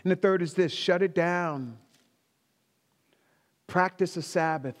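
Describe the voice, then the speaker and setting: A male pastor delivers a sermon to his congregation, driving his points home by repeating key phrases. His voice sits a little high for a man. The sound carries the long reverb of a large church hall. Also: takes it slowly.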